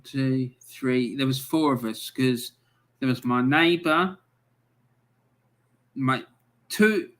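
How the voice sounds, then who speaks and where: An unhurried Cockney man in his fifties hosts a live football stream. His voice is bright and forceful, and he drifts through long stories with plenty of ums and uhs. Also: mid-range voice. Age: 50s. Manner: rambling anecdotes with many fillers. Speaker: livestream host. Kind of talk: live match-day chat.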